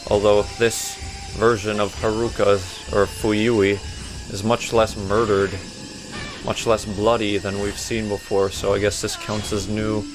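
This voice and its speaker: A man's voice: on the low side, little pitch movement, a little slow, music in the background. A man commentating a horror game playthrough, sarcastic and jokey, talking back to the game and reading its notes aloud. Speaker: gaming video host. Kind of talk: let's play commentary.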